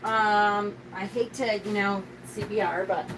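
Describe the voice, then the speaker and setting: A woman hosting a casual tarot live stream. She gushes over her decks, chats with viewers, thinks aloud and corrects herself, and slows down and drops low when she reads card meanings aloud. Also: fairly even intonation, background noise. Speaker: tarot reader and livestream host.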